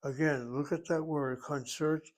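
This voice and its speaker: A man teaching a Hebrew class, explaining grammar in a deliberate, step-by-step way and sometimes thinking aloud. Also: a little high, fairly even intonation.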